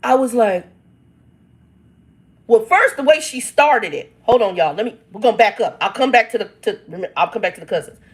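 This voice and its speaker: Lively high-voiced woman telling a family story. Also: normal speed. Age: 50s. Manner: emphatic, exclamatory, laughs often, mimics relatives. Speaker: channel host reading live chat. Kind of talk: animated personal storytelling to viewers.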